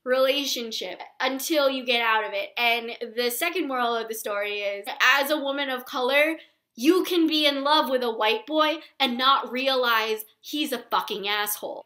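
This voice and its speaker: A young woman telling a funny personal story in an animated, profane and emphatic way. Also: high-pitched.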